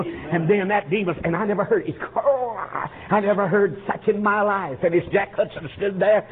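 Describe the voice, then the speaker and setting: A man preaches a fiery revival sermon in a high, straining voice, leaning on a steady "uh" between phrases. He rises into shouts in places. The sound is thin and narrow, like an old tape played down a phone line. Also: moderate pace, few pauses. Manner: rhythmic preaching with constant "uh" fillers, bursts into shouting.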